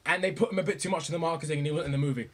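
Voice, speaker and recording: Young guy ranting about movies super fast, swears nonstop, rambles all over. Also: on the high side, steady tone. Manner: profane, rambling, gushing. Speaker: vlogger. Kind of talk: excited movie rant.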